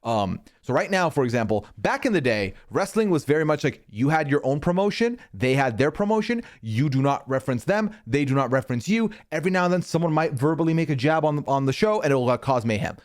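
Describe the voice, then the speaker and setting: A man streaming casual commentary, rambling and swearing freely, pitch jumping up when he gets worked up. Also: lively intonation, fast, few pauses. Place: hot indoor room.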